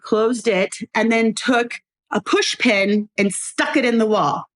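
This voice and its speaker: A middle-aged woman, a guest on a podcast, telling a story in a casual, animated way, acting out quoted lines and laughing often. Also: on the high side, slow. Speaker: podcast guest, former preschool owner.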